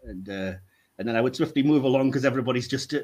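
Male podcast host, teasing and quick to laugh, mid-pitched, casual chat. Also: a little mellow. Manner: jokey, laughs often, teasing.

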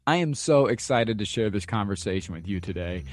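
Animated man telling a story, dry sound. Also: on the low side, brisk, no room sound. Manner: animated storyteller, acts out quotes, frequent fillers and restarts; laughs often while talking. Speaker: podcast host. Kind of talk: casual storytelling monologue.

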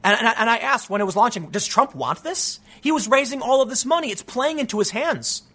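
Guy ranting about politics on his channel, frustrated, keeps restarting, high bright voice. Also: animated, a little fast, breathy edge. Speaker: political commentary host. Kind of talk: solo political commentary.

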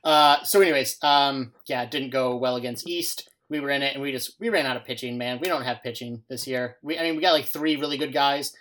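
A young man, a podcast co-host who coaches baseball, talking in casual chat and telling lively stories. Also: mid-range voice, a little fast, hardly any pauses. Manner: animated storytelling, quotes others in lively bursts.

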